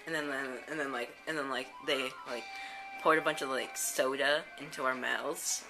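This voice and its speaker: Very deep-voiced woman rambling over loud game music. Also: fairly even intonation, normal speed. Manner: rambling, full of "and then, like". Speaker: let's play host. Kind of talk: rambling storytelling over gameplay.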